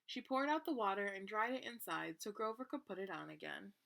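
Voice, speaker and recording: Woman reading a kids picture book out loud, bright clear voice, expressive. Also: medium pitch, a little fast. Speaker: reader. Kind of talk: children's storybook read-aloud.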